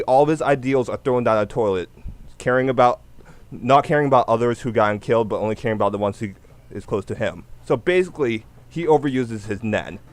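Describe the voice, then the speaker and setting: A man on a casual panel, explaining his pick with a steady plot recap. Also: mid-range voice.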